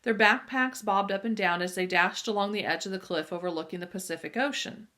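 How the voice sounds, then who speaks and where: A woman reading a children's adventure novel aloud with lively storytelling and occasional asides to listeners. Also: mid-range voice, fairly quick. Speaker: reader.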